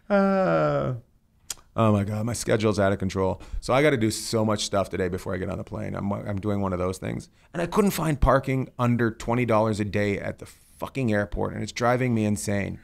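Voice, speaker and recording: A man's voice: on the low side, fast, creaky, hardly any pauses. A man hosting a podcast, telling rambling stories in casual chat and swearing freely. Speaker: podcast host. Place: lives in California.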